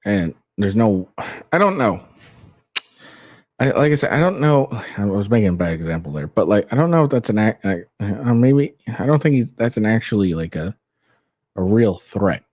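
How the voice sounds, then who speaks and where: A man with a fairly low voice delivers loose reaction commentary. His pitch moves a lot as he rambles, swears and restarts his sentences. He thinks aloud and often trails off. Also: expressive, normal speed, a little mellow. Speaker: commentary streamer.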